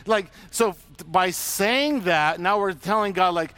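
A pastor preaches in a chatty, conversational way and slips into quick acted-out complaints. His voice sits high for a man. The sound is dry and close. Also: animated, sharp tone, smooth, no echo. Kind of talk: sermon.

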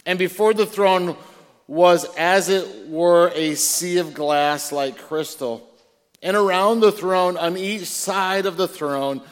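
A man with a somewhat high voice reads scripture aloud to a congregation, slowly and deliberately. His words ring out with the long reverb of a large church hall. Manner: reads slowly and deliberately, breaking in with excited asides. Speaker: preacher. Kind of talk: scripture reading with sermon asides.

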